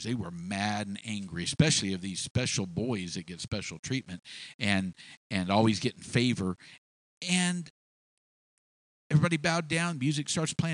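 A man retelling a Bible story in casual, animated speech, often repeating words as he goes. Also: medium pitch, no room sound, rough recording.

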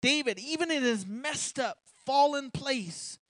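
A young adult preacher giving a sermon, talking conversationally with chuckles between points and building to forceful emphasis. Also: sits high, animated, a little slow, no echo.

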